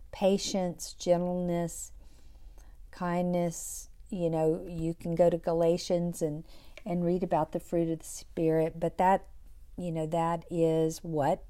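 Slow, soft-spoken woman with a mellow voice. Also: on the low side. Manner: soft-spoken, reflective, drops to a whisper on scripture. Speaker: podcast host. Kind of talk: devotional podcast talk.

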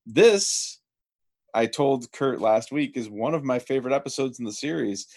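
A man's voice: mid-range voice, animated, normal speed, a little mellow. A man hosting a casual TV recap podcast, enthusiastic and rambling, often restarting his sentences. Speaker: podcast host.

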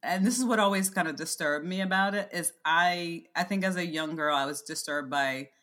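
A woman's voice: fairly low pitch, moderate pace, fairly bright tone. A woman co-hosting a podcast in casual chat, telling stories in a wry way and laughing as she talks. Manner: wry, storytelling, laughs while talking. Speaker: podcast co-host.

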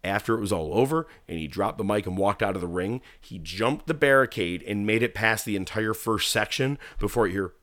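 A man's voice: lowish voice, fairly quick, hardly any pauses, dry recording, clean studio sound. A man co-hosting a casual wrestling podcast, telling stories with lots of swearing and acting out what people said. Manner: animated storyteller, swears freely, acts out quotes. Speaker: podcast co-host.

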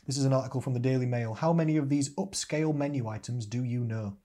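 Male co-host, casual chat, easygoing and giggly, mid-range voice, halting when he reads. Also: medium pitch, warm tone. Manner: chatty, laughs often, reads out a list haltingly.

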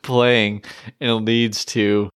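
A man's voice: on the low side, level tone, takes it slowly, fairly bright tone, smooth. A man co-hosting a podcast, chatting casually and joking while reading song lyrics aloud. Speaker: podcast co-host. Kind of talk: casual chat about a song.

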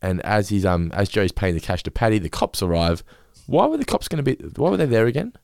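A man's voice: fairly low pitch, big pitch swings, fast, vocal fry, a little mellow, no room sound, clean studio sound. An Australian man hosting a casual podcast chat, rambling and acting out quotes. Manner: rambling, acts out quotes, swears freely. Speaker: podcast host. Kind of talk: casual chat recapping a sitcom episode.

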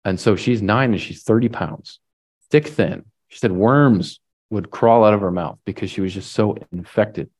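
A man's voice: lowish voice, normal speed, a little mellow. A man preaching a sermon, retelling a story in a casual way with lots of "like" and "right?". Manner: casual, filler-heavy retelling with frequent "like" and "right?".

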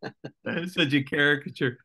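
A man's voice: on the high side, normal speed, pushed and bright, breathy edge. A man, an actor guest in a casual interview, rambling through stories with self-deprecating jokes.

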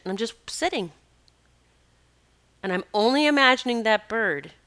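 A woman with a bright, ringing voice tells a personal story in a loose, chatty way. She drifts into asides and fills her speech with "you know." Her tone stays clean and crisp. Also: mid-range voice. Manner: rambling and conversational, with many asides and "you know". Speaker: animal communicator and healer.

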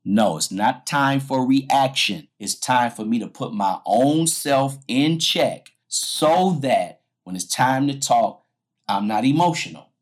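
A man's voice: medium pitch, expressive. Emphatic man preaching on a podcast. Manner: emphatic, slows and repeats key points. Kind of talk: sermon-like podcast talk.

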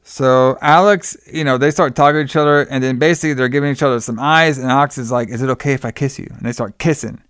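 A man's voice: medium pitch, steady tone, fast talker, few pauses, fairly bright tone, no echo, studio quality. A young man casually recapping a film's plot, rambling with lots of "like" and "you know.". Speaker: podcast co-host recapping a film. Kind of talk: casual chat.

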